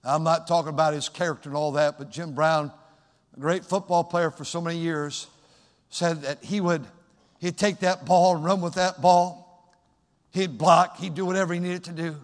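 A man preaching a sermon in a church, fervent and building to shouts. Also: on the high side, fairly even intonation, normal speed, long reverb tail.

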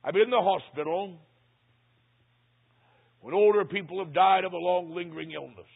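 Older male preacher, dramatic sermon storyteller, high husky voice, tinny lo-fi sound. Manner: dramatic storyteller, slows for emphasis. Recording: tinny phone-like recording.

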